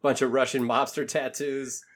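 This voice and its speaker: A man's voice: mid-range voice, little pitch movement, moderate pace. A man co-hosting a casual chat, loose, profane and joking.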